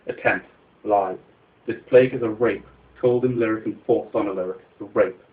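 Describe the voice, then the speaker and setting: Low-voiced man performing incantatory poetry. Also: steady tone, normal speed, narrow, tinny audio. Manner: dramatic, incantatory, repeating refrains. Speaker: poet. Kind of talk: live spoken-word poetry performance.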